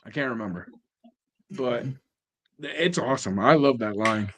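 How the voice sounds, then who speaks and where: A man's voice: mid-range voice, lively intonation, unhurried, fairly bright tone, no room sound. A man co-hosting a casual toy-collecting chat, talking in a laid-back, rambling way and trailing off mid-sentence.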